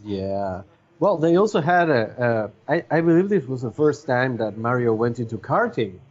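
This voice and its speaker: A man whose first language is Spanish talks loosely on a podcast, trailing off and restarting often with plenty of fillers. His voice sits in an ordinary middle pitch. The recording sounds dull and lo-fi. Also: sing-song, normal speed. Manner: rambling, hesitant, many fillers. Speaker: podcast host. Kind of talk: casual chat.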